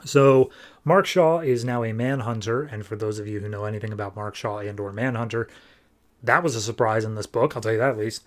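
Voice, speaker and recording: A man's voice: on the low side, steady tone, fairly quick. A man hosting a podcast, recapping and reviewing comics in a casual, wry way with frequent restarts.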